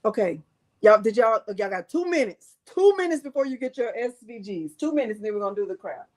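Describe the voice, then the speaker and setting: Woman, middle-aged, craft host, teary and chatty, slightly high voice. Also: animated, quick pace. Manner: emotional, teary, talks straight to viewers with "y'all". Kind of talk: live-stream chat with viewers.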